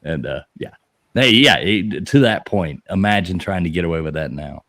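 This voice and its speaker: A man's voice: low-pitched, expressive, normal speed, a bit bright. A man hosting a podcast, telling a story in a loose, joking, profane way. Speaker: podcast host. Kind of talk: casual chat.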